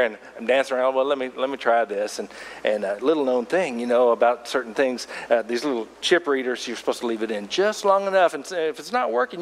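Man, pastor, sermon, animated storytelling, reverberant hall. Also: mid-range voice.

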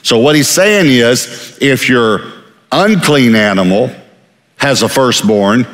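A man's voice: mid-range voice, lively intonation, takes it slowly, a bit bright. A man from Texas, a pastor preaching a sermon in an emphatic, conversational way, often repeating words for stress. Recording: echoey hall reverb.

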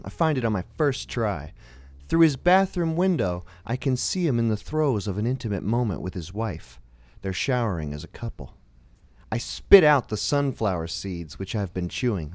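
A man tells an absurd tale in a deadpan comic monologue. His pitch swings widely from line to line, and the recording is close and dry. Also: no room sound. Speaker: comic narrator.

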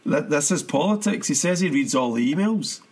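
A man's voice: a little high, animated, fairly quick, husky. A man chatting casually about football as a podcast co-host, rambling with many restarts and laughs.

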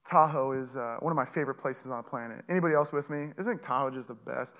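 A male pastor with a Californian accent preaching a sermon, telling a personal story in a casual, animated way that builds to urgent calls. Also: medium pitch, fast talker. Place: church stage.

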